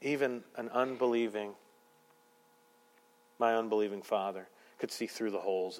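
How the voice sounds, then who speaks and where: A man preaching a sermon, moving between loud proclamation and hushed, intense passages. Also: fairly low pitch, normal speed. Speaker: pastor. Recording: long hall reverb.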